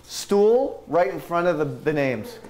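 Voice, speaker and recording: A man helping run a livestream who calls out timers and reads donor names like an announcer. He speaks slowly, and his pitch rises and falls a lot. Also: expressive, a little mellow. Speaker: stream helper reading donations. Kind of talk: casual livestream chat.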